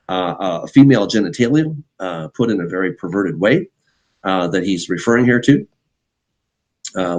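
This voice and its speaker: A pastor teaching the Bible in a conversational way, reading passages aloud and checking in with listeners. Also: male voice, fairly low pitch, poor audio. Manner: conversational, frequent "right?" check-ins.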